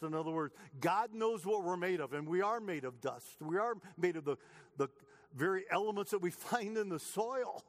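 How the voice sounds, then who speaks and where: Man, pastor, emphatic sermon delivery, high voice, church hall reverb. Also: moderate pace. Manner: emphatic, rising passion when quoting psalms.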